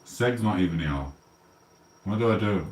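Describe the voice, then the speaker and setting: Tipsy streamer, low voice, chatty banter, distant in an echoey room. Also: male voice, expressive, moderate pace. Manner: chatty, rambling, loud banter. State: a bit drunk. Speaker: livestream host. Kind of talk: casual rambling livestream chat. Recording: roomy echo, distant from mic.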